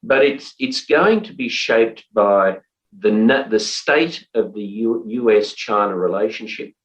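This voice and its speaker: A man in his sixties with an Australian accent, giving a reflective interview answer, measured with frequent pauses and restarts. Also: on the low side, animated, muffled recording. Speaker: interviewee, former defence minister.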